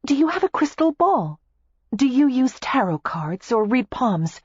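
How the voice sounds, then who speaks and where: A woman's voice: high voice, a little slow, breathy edge, no echo, lo-fi sound, voice pushed up, full character voice. A woman voicing a playful, teasing young American heiress in an audiobook. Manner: teasing, lively.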